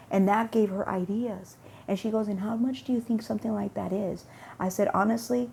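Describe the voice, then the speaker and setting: A woman's voice: mid-range voice, gravelly, dark tone, a little hiss or hum. A woman vlogger telling a rambling everyday story about her faith, acting out both sides of a conversation and often repeating words.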